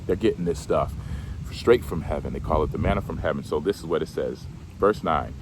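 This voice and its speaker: A man reading bible verses slowly, then paraphrasing them in relaxed, slangy everyday speech. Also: a bass voice, a little hiss or hum. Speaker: bible teacher. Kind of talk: scripture reading with casual commentary.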